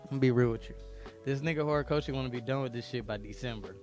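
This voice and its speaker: A young adult man co-hosting a podcast in casual chat, excitable and animated, often talking over his partner. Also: medium pitch, racing, soft background music. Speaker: podcast co-host.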